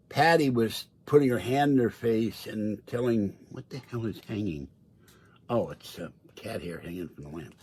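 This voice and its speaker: A man's voice: medium pitch, a little mellow, husky. A man chatting casually on a livestream from his home, rambling from one story to the next and laughing often. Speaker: livestream host. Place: indoors at home.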